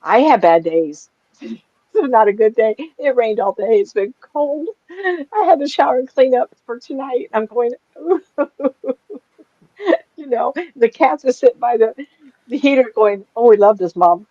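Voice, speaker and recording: A little slow but with lively intonation, a woman's high-leaning voice carries through a casual, laugh-filled, rambling chat with a small group. She's a psychic medium in her sixties. No echo; the audio sounds dull, dry and lo-fi.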